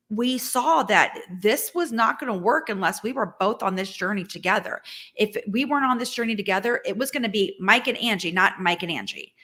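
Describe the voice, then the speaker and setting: A woman's voice: mid-range voice, a bit bright. A woman in her forties, a business owner talking earnestly and emphatically in a heartfelt conversation, often restarting her sentences.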